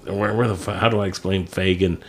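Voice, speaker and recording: A man's voice: deep voice, fairly even intonation, a little fast. A middle-aged man, telling a story in a casual chat, swearing constantly and laughing as he goes. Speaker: podcast co-host.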